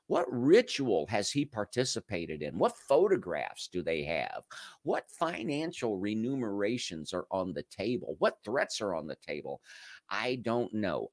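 A man from Canada hosts a live stream, talking straight to his viewers in a lively voice that rises and falls a lot. He piles up rhetorical questions one after another. The sound is dry and close. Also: fairly low pitch, no room sound. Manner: rhetorical, firing strings of questions. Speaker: livestream host. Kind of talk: casual commentary to a live chat.

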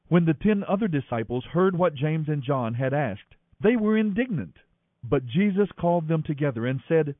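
A man reading scripture aloud in an expressive, animated way. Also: fairly high pitch, moderate pace, no room sound. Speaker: scripture reader. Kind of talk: scripted narration. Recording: dry, thin phone-like audio.

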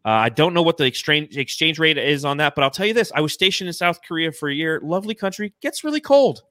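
American man, podcast host, bright forceful voice, dry close mic, excited casual chat, swears freely. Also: a little high, fast talker, dry recording. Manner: emotional, swears freely, reads donations aloud.

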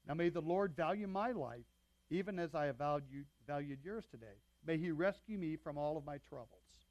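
A man's voice: on the high side, expressive, normal speed, a little mellow, dry recording. A man preaching as pastor, reading scripture aloud and chatting with his congregation between passages. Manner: conversational, checks in with the congregation.

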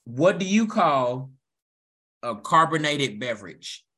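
A man from Louisville with a Kentucky accent hosting a casual chat, brash and teasing, swearing freely and firing back quick comebacks. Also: mid-range voice, very animated, sharp tone, soft background music.

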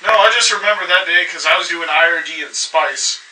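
A bright, sharp-toned man teasing and joking on a podcast, his pitch high and jumping around. He sits back from the mic in an echoey room, with a faint hiss underneath. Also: far from the mic. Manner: teasing, laughing, quick jokes. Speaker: podcast co-host. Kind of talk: casual chat.

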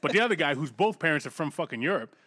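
Dude telling long cussing stories on a podcast, voice pitched a bit high. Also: male voice, expressive, racing, sharp tone. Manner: profane, rambling storyteller; does mocking voices when quoting. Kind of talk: casual chat.

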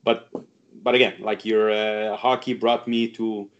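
A man's voice: on the low side, flat delivery, measured pace, lo-fi sound, slight background noise. A man from Quebec, a karate teacher talking as a guest in a casual interview, with many restarts and fillers.

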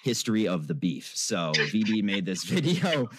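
A man's voice: fairly low pitch, sing-song, normal speed, husky. A man hosting an online show, talking casually, laughing often and swearing freely. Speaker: show host. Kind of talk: casual chat.

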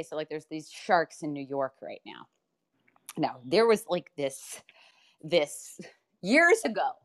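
A woman guest in a casual chat, telling stories in an animated way, swearing and laughing often. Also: on the low side. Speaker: podcast guest.

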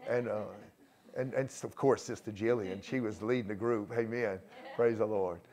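A man leading a church gathering as pastor, praying fervently and then recounting the day's outreach, with frequent praise words and halting restarts. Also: on the low side, steady tone, darkish tone. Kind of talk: prayer and church testimony.

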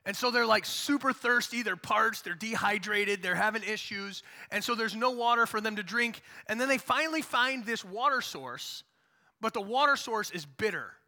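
A man preaching a sermon in a casual, animated storytelling manner. His voice is high and very bright. A long hall reverb trails each phrase. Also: normal speed, creaky. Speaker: pastor.

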